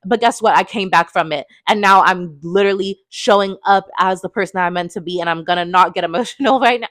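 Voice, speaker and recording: A woman in her twenties speaks straight into a phone with fervent, emphatic conviction. She keeps tagging her points with a quick checking question. The sound is dry and close, with her pitch sitting in an ordinary middle range. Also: a bit bright, no room sound. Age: 20s. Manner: emphatic and fervent, tags lines with "okay?". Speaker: motivational speaker. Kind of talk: motivational talk to camera.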